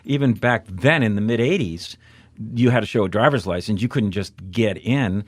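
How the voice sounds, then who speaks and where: A man in his sixties hosting an interview, relaxed and conversational, sometimes restarting his words. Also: lowish voice, normal speed, dry recording. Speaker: host. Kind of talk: casual interview chat.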